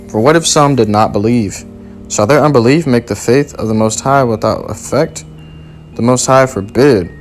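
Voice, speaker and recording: A man with a mid-range voice preaches a sermon, reading scripture aloud and hammering his points home with forceful, repetitive, slangy talk.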